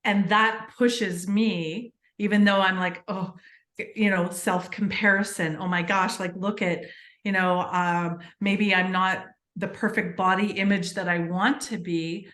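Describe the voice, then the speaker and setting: Female podcast guest, earnest storyteller, mid pitch, echoey room sound. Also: a little slow. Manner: earnest, animated storytelling with many fillers. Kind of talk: casual interview chat.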